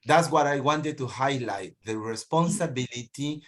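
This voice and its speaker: A man attending an online teacher meeting, raising a point in an earnest, measured way. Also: medium pitch, a bit bright.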